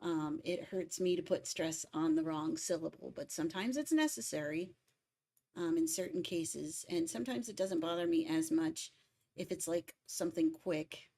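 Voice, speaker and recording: A woman's voice: lowish voice, animated, normal speed, mellow. A young adult woman chatting casually and emphatically on a music livestream. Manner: opinionated, emphatic about word stress. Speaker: music cover artist streaming.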